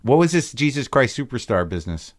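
A man interviewing a musician casually, halting often and restarting his questions. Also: medium pitch, sing-song, dry recording, clean studio sound. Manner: halting, with many restarts and repeated words.

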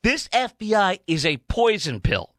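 A man's voice: high-pitched, very animated, unhurried, fairly bright tone, dry recording, studio quality. A man hosting a political talk radio show, delivering a rambling, emphatic monologue with many fillers and restarts.

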